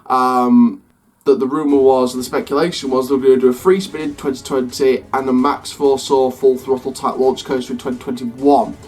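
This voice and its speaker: A man's voice: medium pitch, level tone, moderate pace, a little mellow. Rambling man vlogging theme park picks. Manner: rambling, self-correcting, upbeat sign-off. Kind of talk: casual prediction vlog. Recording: slightly distant mic, faint music behind.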